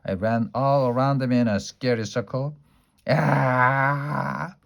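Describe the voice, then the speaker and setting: A man reading a children's chapter book aloud in a lively storytelling way, now and then stumbling over a word. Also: mid-range voice, moderate pace. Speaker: storybook reader.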